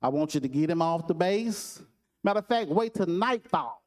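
A man's voice: fairly high pitch, expressive, normal speed, close to an everyday voice. A man voicing a blustering middle-aged male Marine sergeant who scolds and barks orders. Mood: commanding. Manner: fussing, scolding, barking orders.

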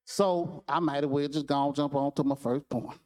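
A man's voice: on the high side, steady tone, normal speed, darkish tone, long reverb tail. A male preacher telling a story in a conversational, repetitive sermon.

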